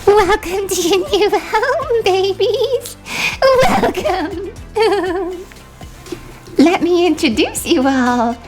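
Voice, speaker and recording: A woman voicing an eccentric cat-obsessed woman in a doll-play story, with a high, drawn-out, cackling delivery. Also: very animated, bright, forceful tone, soft background music, heavily acted. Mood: gleeful.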